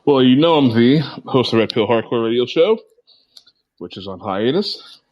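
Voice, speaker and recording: A male podcast co-host introduces himself in a lively, animated way. His pitch swings widely around a middle register. The sound is dull and dry, like a lo-fi remote feed. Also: moderate pace, no room sound. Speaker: co-host and radio show host. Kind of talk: casual self-introduction on a podcast.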